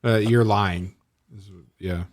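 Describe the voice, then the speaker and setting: A man's voice: on the low side, fairly even intonation, a little slow. A man co-hosting a casual podcast chat, joking and playing with words. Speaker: podcast co-host.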